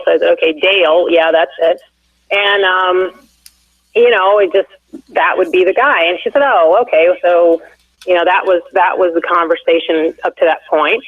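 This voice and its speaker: A woman in her forties, the candidate's wife, phoning in to an interview and telling a long story full of fillers and restarts. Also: on the low side. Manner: rambling, many fillers and restarts. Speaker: phone guest, candidate's wife. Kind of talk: casual storytelling on a call-in interview. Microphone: telephone. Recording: tinny phone line, dry.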